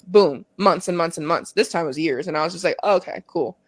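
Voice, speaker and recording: A woman's voice: on the low side, a little fast, no echo. Candid young woman telling her story. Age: 20s. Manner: candid, profane, fillers of "like", emotional retelling. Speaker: guest, pro soccer player. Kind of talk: casual podcast storytelling.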